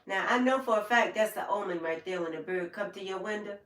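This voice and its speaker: A woman's voice: mid-range voice, fairly quick, fairly bright tone, reverberant, distant mic. An older woman hosting a livestream, talking in a folksy, heartfelt way and speaking straight to her viewers by name. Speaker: livestream host. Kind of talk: casual livestream chat with viewers.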